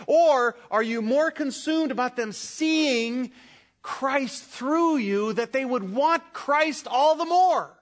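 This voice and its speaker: A male pastor delivers an emphatic church sermon in a high, lifted voice. He asks pointed questions and leads the congregation in repeating phrases back to him. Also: lively intonation, slow. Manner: emphatic, call-and-response with congregation.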